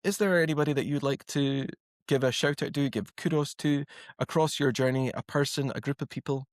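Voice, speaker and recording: A man's voice: mid-range voice, brisk, no echo, clean studio sound. A man with an East Coast Scottish accent hosting a podcast interview, chatting in a friendly, rambling way with restarts. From Scotland. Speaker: podcast host. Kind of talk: casual interview chat.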